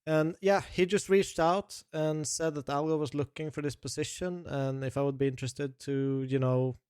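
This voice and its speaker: A man co-hosting a casual podcast, explaining things in a measured way with frequent hesitations. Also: a little high, fairly even intonation, darkish tone, clean tone, no echo, clean studio sound. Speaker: podcast co-host.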